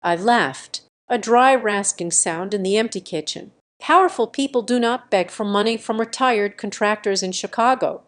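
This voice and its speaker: A woman narrating a scripted first-person story in a steady, measured way. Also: mid-range voice.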